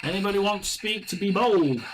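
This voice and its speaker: A man hosting a live tarot session, musing aloud and often clearing his throat. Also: high voice, a little fast. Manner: musing, talks to himself, frequent throat clearing. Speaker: tarot reader and live stream host. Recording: steady background noise.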